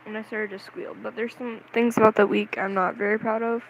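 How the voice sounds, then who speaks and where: A woman vlogger telling a story in a casual, rambling, excitable way, often mocking herself. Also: a little high, a little fast, a little hiss or hum, low-quality recording.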